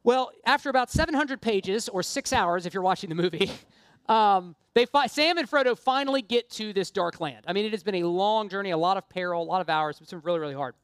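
A woman's voice: medium pitch, lively intonation, a little fast, dry recording. Woman preacher, mid-range voice, earnest and fervent sermon delivery with chatty asides, dry close mic. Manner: earnest and impassioned, rising to emphatic appeals; conversational asides with light self-deprecation.

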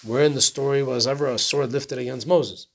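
A man's voice: mid-range voice, fairly even intonation, brisk, gravelly. A man teaching a casual Torah class, talking conversationally, often asking rhetorical questions and checking in with "right?".

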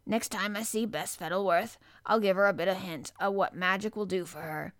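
A woman's voice: mid-range voice, steady tone, brisk, dry recording, studio quality, lightly acted. A woman voicing a testy old male gardener from a children's storybook, speaking. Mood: admiring. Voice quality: grumbling, dialect-heavy, testy.

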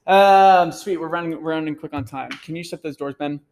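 A man's voice: fairly high pitch, a little fast, darkish tone, low-quality recording. A man with a slightly raised voice gives a faith talk to students as their campus minister. He speaks conversationally, scattering "like" and "um" throughout. His delivery is earnest and personal, built around stories from his own life. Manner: conversational, full of "like" and "um" fillers. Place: gathering room at a campus center, live audience.

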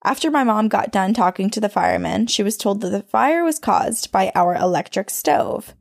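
Woman podcast co-host, gravelly edge, dry close mic, reads listener stories conversationally. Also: medium pitch, expressive, normal speed, dry recording. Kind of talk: reading a listener's ghost story aloud.

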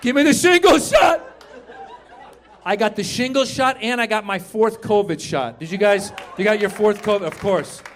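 Male stand-up in his fifties, high voice, animated delivery, live club stage with faint room hum. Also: moderate pace, hardly any pauses, crowd noise. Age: 50s. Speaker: stand-up comedian. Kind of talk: stand-up comedy set. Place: comedy club stage before a live audience.

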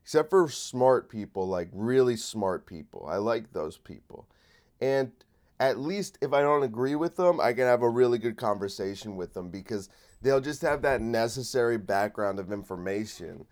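A man's voice: medium pitch, expressive, normal speed, darkish tone. A man hosting a solo comedy podcast while sick, rambling and swearing in a sardonic rant. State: sick with a cold. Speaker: podcast host.

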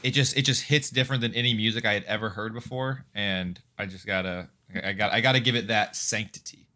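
A man's voice: lowish voice, a little fast, bright, forceful tone. A young man co-hosting a podcast, talking loosely and rambling with lots of restarts. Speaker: podcast co-host. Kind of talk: casual chat.

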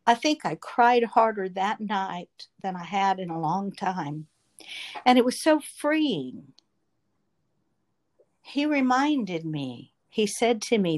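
A woman recounts her personal faith testimony at a slow, deliberate pace. Her telling is earnest and emotional, and her voice sits at an ordinary middle pitch. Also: big pitch swings. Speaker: testimony speaker.

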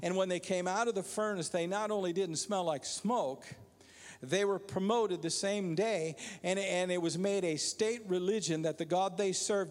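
A man preaching a sermon as pastor, calling on the congregation to respond and building to loud exhortations. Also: high-pitched, a little slow, in a large hall. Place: church sanctuary.

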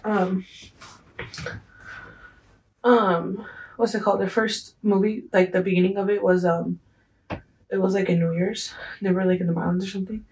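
A young woman talks on her own podcast in a loose, rambling way, joking about herself as she goes. She now and then slips a quick Spanish phrase into her English chat. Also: mid-range voice, darkish tone, poor audio. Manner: chatty, rambling, self-mocking, drops Spanish phrases. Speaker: podcast host. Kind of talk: casual solo podcast chat.

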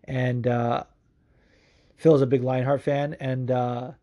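A man with a warm, mellow tone hosts a casual podcast from home. He tells his stories with excitable energy and swears freely as he goes. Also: mid-range voice, slow. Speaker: podcast host.

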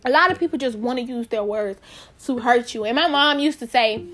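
Chatty high-voiced woman podcaster. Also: fairly quick, fairly bright tone. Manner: chatty and emphatic, addresses listeners as y'all. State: out of breath. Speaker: podcast host. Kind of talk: casual solo podcast monologue.

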